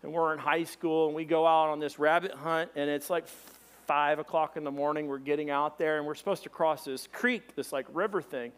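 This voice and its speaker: A man preaching a sermon, telling a funny story and acting out shouted voices. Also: fairly high pitch, fairly even intonation, brisk, few pauses, clean tone. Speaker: pastor.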